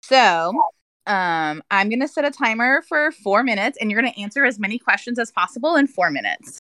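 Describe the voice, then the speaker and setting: A woman guest on a casual podcast, excitable and scattered, giggling between questions. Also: on the high side, a little fast, low-quality recording.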